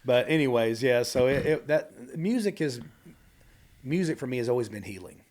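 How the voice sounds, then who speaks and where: A man guest on a podcast, telling candid stories from his life in a rambling, animated way with many asides. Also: mid-range voice, moderate pace. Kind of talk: candid storytelling conversation.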